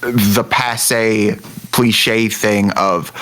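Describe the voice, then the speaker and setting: A man co-hosting a podcast, talking in an animated, jumpy way with many restarts in casual chat. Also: medium pitch, measured pace. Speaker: podcast co-host. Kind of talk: casual movie review chat.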